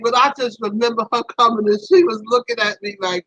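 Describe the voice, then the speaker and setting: A woman hosting a live stream, telling a personal story in a casual, animated way, laughing and her voice leaping high at the embarrassing parts. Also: fast, few pauses, dry recording, low-quality recording.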